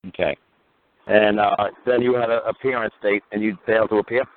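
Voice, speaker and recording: A man's voice: fairly low pitch, little pitch movement, brisk, no echo. Blunt, profane male talk show host. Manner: blunt, profane and sarcastic, rising to ranting. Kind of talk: call-in radio show. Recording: tinny phone-line sound with faint noise.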